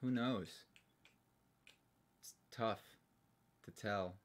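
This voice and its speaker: A man's voice: on the low side, extremely slow. A man co-hosting a casual live stream, rambling and joking with frequent restarts. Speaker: livestream co-host.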